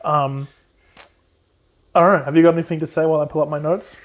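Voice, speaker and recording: A young man co-hosting a casual book recap, swearing freely and quickly acting out the characters in put-on voices. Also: on the high side, steady tone. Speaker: podcast co-host.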